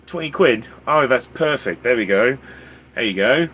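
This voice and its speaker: A man's voice: mid-range voice, lively intonation, normal speed, fairly bright tone, a little hiss or hum, natural voice. A man putting on a British accent to play a chatty, helpful British shopper and clerk, sing-song and calling people "love.". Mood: polite. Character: American man faking a chatty British shop voice.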